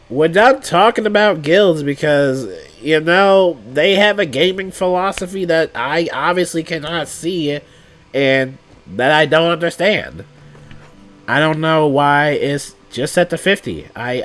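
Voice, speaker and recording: A man with a fairly high voice, clearly congested from a cold, talks casually to his viewers. He sounds exasperated and keeps circling back over the same points. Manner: exasperated, repeating himself. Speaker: gaming YouTuber. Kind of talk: casual rant to camera.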